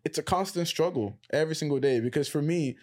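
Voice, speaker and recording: A man hosting a casual podcast chat, from Nigeria, talking in an animated storytelling way. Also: a little high, quick pace. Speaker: podcast host.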